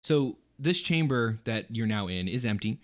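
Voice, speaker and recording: A man narrating as dungeon master, halting and full of fillers and restarts. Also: medium pitch, animated. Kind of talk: narrating a tabletop game.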